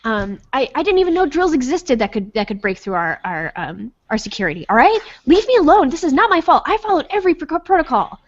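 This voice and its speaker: A woman's voice: sits high, big pitch swings, quick pace, hardly any pauses, lo-fi sound, pitched above the performer's own voice. A woman doing a panicky young security guy. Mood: defensive panic. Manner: panicky, defensive. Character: nervous young male security guard, defensive.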